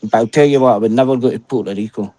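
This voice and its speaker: A man's voice: mid-range voice, racing, crowd noise. A man from Scotland with a Scottish accent, bantering in casual chat, joking and swearing freely.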